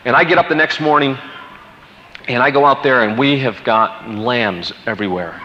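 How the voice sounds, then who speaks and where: Animated male storyteller on a dull, echoey recording. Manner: animated storyteller, fast and emphatic, dropping low and quiet at grave moments. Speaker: guest speaker telling a story. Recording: dull, echoey played recording with faint noise.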